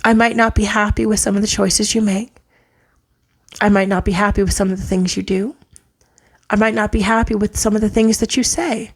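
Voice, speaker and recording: A woman giving an earnest spiritual tarot reading, a parent who often drops into soft whispers for emphasis. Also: mid-range voice, flat delivery, fairly quick. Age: adult, parent of a child. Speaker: tarot reader. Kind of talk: spiritual pick-a-card reading.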